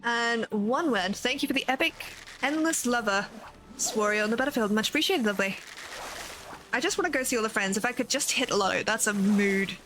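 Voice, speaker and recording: A woman's voice: fairly high pitch, lively intonation, brisk, pushed and bright, soft background music. Casual Australian woman streamer. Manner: chatty, swears freely, thanks viewers. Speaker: game streamer. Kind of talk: casual live-stream chat while gaming.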